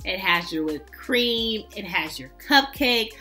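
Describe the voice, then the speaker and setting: Young woman, fragrance vlogger; emphatic, playful delivery, unhurried pace, faint music underneath. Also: mid-range voice, lively intonation, sharp tone. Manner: chatty, emphatic, playful with sassy asides. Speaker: fragrance reviewer. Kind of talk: casual review vlog.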